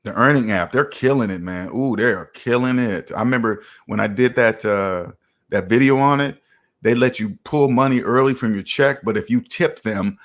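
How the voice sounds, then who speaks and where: Male livestream host, middle pitch, preachy and emphatic, loops back on his own lines. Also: moderate pace. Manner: preachy, emphatic, repeats himself for effect. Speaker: finance channel host. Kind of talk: livestream commentary reading chat.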